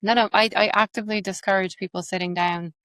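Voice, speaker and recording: A woman with an Irish accent, an accent coach and actress, explaining her methods quickly and animatedly in an interview. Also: medium pitch, clear, resonant tone, no room sound. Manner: fast, animated, explains with examples.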